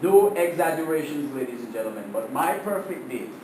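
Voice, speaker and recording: A man giving a prepared humorous speech to his class, telling stories in an animated way and laughing at his own jokes, heard from across a classroom. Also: a little high, a little fast, reverberant, recorded from a distance, slight background noise, rough recording.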